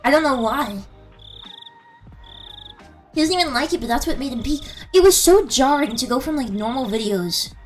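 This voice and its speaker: A giggly woman streamer chatting with her viewers, her voice pitched a little high and swinging up and down a lot. She rambles and restarts sentences, speaking into a handheld mic held close, with faint music behind her. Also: expressive, normal speed, pauses often. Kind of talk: casual live-stream chat.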